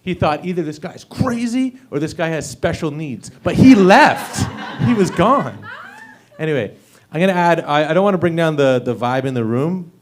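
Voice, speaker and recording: A man's voice: fairly high pitch, big pitch swings, normal speed. A young man performing a stand-up set at an open mic, with an awkward, self-deprecating delivery full of fillers. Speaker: stand-up comedian. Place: comedy club stage.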